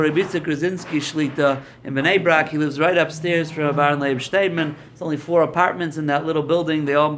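Lively high-voiced man giving a Torah class. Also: slight background noise. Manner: lively storytelling, acts out quotes. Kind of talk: Torah lecture.

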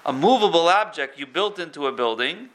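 High, bright-voiced man teaching Talmud. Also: expressive, fairly quick. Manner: reads Hebrew text then explains in casual English. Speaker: Torah teacher. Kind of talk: Talmud lesson, reading and translating.

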